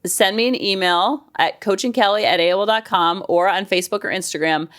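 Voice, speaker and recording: A woman's voice: a little fast, a bit bright. Chatty upbeat woman podcast host. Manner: chatty, upbeat, acts out quotes in lower voice. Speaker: podcast host, counselor and life coach. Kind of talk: casual chat.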